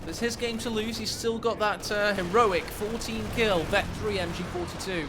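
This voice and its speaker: A man commentating a strategy video game as host, animated and prone to loud excited outbursts. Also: high-pitched, normal speed, very noisy. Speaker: game caster, channel host.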